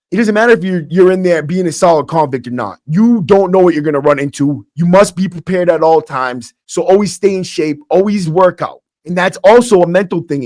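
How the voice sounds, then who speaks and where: A former prisoner turned podcast host, his voice sitting high, tells stories in a casual monologue. The delivery is blunt and streetwise, heavy on "bro" and sentence restarts. Recorded cleanly in a studio with no echo, it carries faint acoustic guitar music in the background.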